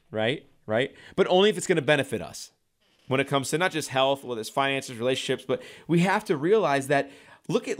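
A man who works as a chiropractor, giving an energetic health talk with many repeated words and restarts, often checking in with "right?". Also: a little high. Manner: energetic, keeps asking "right?"; repeats himself, frequent restarts.

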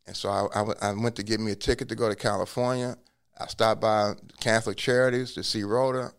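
A man telling his life story in a relaxed interview, acting out what people said to him. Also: lowish voice, quick pace, vocal fry. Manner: acts out quoted dialogue in a lively way; casual, drops curse words. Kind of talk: conversational storytelling.

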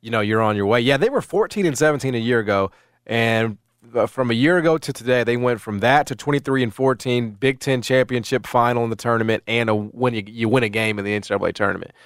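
A man's voice: medium pitch, fast talker, smooth, no room sound, clean studio sound. A middle-aged man hosting casual sports talk, rambling with many restarts and fillers.

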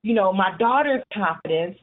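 A woman in her forties who leads a support group, talking in a casual interview and telling stories in an animated way with frequent "you know". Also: mid-range voice, moderate pace. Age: 40s. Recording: tinny phone line.

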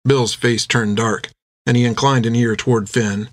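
A man narrating an adventure audiobook with steady storytelling. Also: mid-range voice, moderate pace, no room sound, studio quality.

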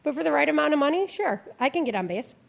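Gravelly-voiced joking woman. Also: high-pitched, expressive, quick pace. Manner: joking, playful. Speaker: sports talk co-host. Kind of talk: casual sports chat.

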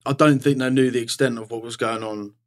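A man's voice: mid-range voice, fairly even intonation, a little fast. A man talking frankly as a podcast guest in casual conversation, rambling and swearing freely, with lots of "you know".

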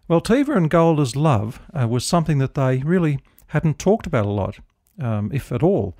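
A middle-aged man, a minister, giving a gentle radio devotional talk into a studio microphone. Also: a little high, very animated, moderate pace, few pauses, dry recording. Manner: gentle storytelling, prayerful close.

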